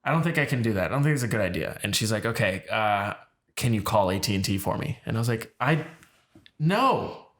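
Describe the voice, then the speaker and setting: A man's voice: on the low side, quick pace. A man co-hosting a podcast, telling a story in a casual chat and acting out the people he quotes. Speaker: podcast co-host.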